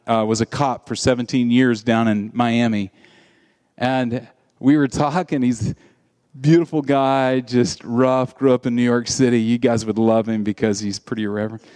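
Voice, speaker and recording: A man preaching a sermon in an animated, conversational storytelling way. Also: medium pitch.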